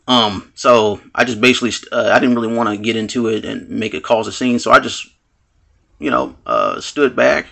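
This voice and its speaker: Gravelly, husky man telling a story. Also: mid-range voice, lively intonation, brisk, fairly bright tone. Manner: rambling, full of "you know what I'm saying"; acts out quoted lines with swearing. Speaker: vlogger telling a personal story. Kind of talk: casual storytelling to camera.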